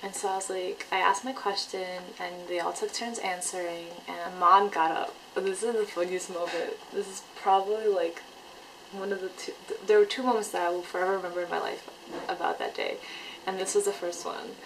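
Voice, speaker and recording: A woman telling a fan story in a casual vlog, excitable and chatty with lots of filler words. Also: on the low side, a little fast, a little hiss or hum, low-quality recording. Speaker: fan recounting an event.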